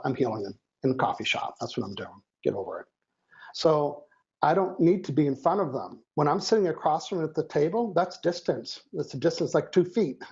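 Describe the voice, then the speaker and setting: A man's voice: a little high, gravelly, darkish tone. A man co-hosting a live online show, chatting and joking while he reads out viewers' names and greetings. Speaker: co-host. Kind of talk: live-stream show chat. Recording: dull lo-fi stream audio.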